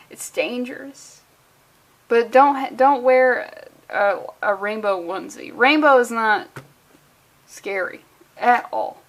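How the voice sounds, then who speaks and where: A woman's voice: a little high, a bit bright. A woman casually reviewing a comic book, rambling and profane, with lots of jokey asides.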